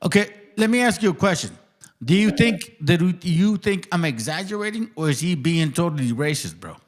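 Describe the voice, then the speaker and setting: A man's voice: high-pitched, expressive, brisk. A man hosting a casual reaction commentary, ranting heatedly and swearing constantly. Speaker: stream host.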